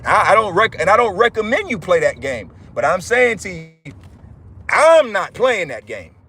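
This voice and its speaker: A man's voice: sits high, big pitch swings, moderate pace, bright, forceful tone, slightly rough. A man preaching fervently on a livestream, repeating himself, swearing and calling his listeners brothers. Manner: fervent, repetitive, profane, addresses listeners as brothers.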